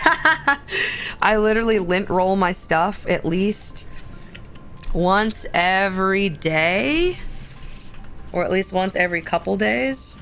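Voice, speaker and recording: A woman streamer in casual livestream chat, talking in soft, drawn-out baby talk to her cat. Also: mid-range voice, slight background noise.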